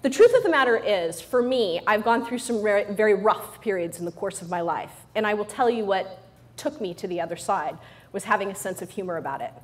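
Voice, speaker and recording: A woman's voice: mid-range voice, expressive, fairly quick. A middle-aged woman giving a humorous motivational talk to a live audience, playful and joking, often checking in with the crowd. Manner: playful and joking, with frequent "right?" asides to the audience. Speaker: motivational speaker.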